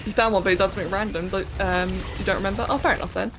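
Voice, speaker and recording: A woman's voice: mid-range voice, steady tone, racing, hardly any pauses, soft background music. A woman streaming a game live, chatting casually, thinking aloud and answering her chat as she plays.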